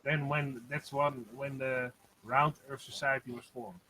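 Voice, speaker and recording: A man chatting in an online hangout, sharing what he found while researching. He speaks haltingly, with many fillers, at a middle pitch. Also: steady tone, pushed and bright, low-quality recording. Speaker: hangout participant. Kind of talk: casual online hangout chat.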